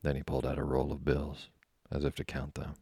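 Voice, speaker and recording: A man reading a classic novel aloud as a sleep story, in a slow, hushed, even voice. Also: extremely low pitch, slightly rough, no room sound, clean studio sound.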